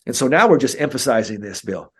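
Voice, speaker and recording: A man's voice: fast talker, breathy edge. A man, a mental skills coach, talking in a podcast interview and acting out coach and player dialogue. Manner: animated, acts out coach and player dialogue with big pitch jumps.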